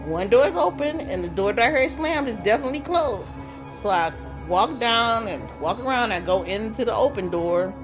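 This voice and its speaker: A woman's voice: a little high, expressive, moderate pace. A middle-aged woman from St. Louis telling a personal ghost story in a casual, conversational way, with restarts and pointing out places as she goes. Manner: conversational, restarts and describes with gestures. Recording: music underneath.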